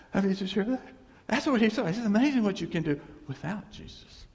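Lively gravelly pastor in a reverberant hall. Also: male voice, sits high. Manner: animated storytelling with laughs and voiced quotes. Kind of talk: sermon.

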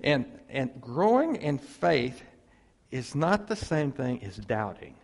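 A pastor with a medium-pitched voice and vocal fry preaches slowly, his sound filling a big room. He is animated, acts out quotes, and asks the congregation to answer him.

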